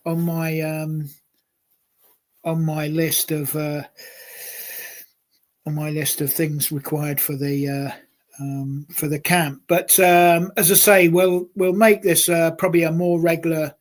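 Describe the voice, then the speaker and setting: A man's voice: a little high, flat delivery, slow. A man hosting a live stream, talking casually with many hesitations and restarts. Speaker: host.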